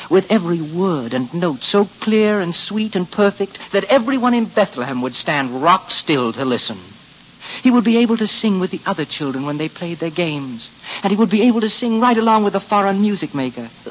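A man narrating a storybook tale with expressive, swinging delivery. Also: on the high side, dull audio, a little hiss or hum.

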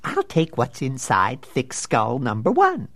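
A man's voice: mid-range voice, wildly swooping pitch, unhurried, a bit bright, dry recording, heavily acted. A man voicing a gleeful, manic male mad genius villain in an audiobook, cackling and theatrical. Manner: cackling, shrieking, theatrical swings. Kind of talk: audiobook character voice.

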